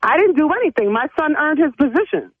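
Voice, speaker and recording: A mother arguing heatedly on a phone call, indignant and cursing with quick retorts. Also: sits high, expressive, no echo. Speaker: prank call target, mother. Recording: tinny dry phone line.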